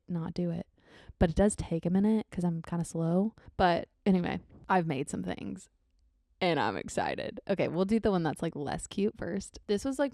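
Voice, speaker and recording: A woman's voice: fairly low pitch, darkish tone, no room sound, studio quality. Bubbly, rambling young woman. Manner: bubbly, rambling, easily sidetracked. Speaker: podcast host. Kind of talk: casual solo podcast chat.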